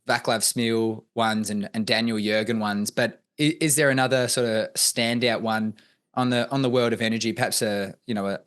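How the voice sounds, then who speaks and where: A man's voice: lowish voice, fairly bright tone. A man co-hosting a podcast, friendly and a little self-deprecating as he asks questions. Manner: friendly, a bit self-deprecating, laughs easily. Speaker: podcast co-host. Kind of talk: casual chat.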